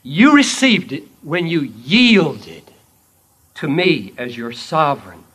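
A man preaching, voicing Jesus as a calm, commanding king in a solemn, measured way. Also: a little high, breathy edge, full character voice.

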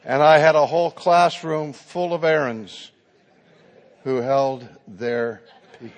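A man's voice: fairly high pitch, fairly even intonation, slow, big-room sound. A man preaching a sermon who tells his story dramatically and acts out the dialogue.

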